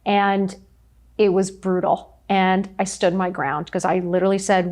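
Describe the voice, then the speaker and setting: A woman's voice: medium pitch, flat delivery, measured pace, darkish tone. A woman in her fifties, a podcast guest, telling stories in a chatty, emphatic way with lots of "like". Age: 50s. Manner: chatty, emphatic storyteller, frequent "like". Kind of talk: candid conversational interview.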